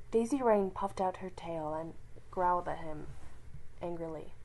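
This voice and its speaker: Slow, halting woman storyteller. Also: on the low side, a little mellow, low-quality recording. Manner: slow, halting narration with restarts. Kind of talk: reading a roleplay story aloud.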